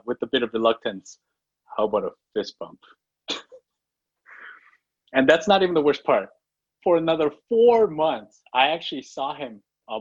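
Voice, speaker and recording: A man's voice: medium pitch, breathy edge, no echo. Self-mocking man preaching, lo-fi. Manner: self-deprecating storytelling with many fillers. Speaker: pastor. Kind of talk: sermon. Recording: dull lo-fi recording.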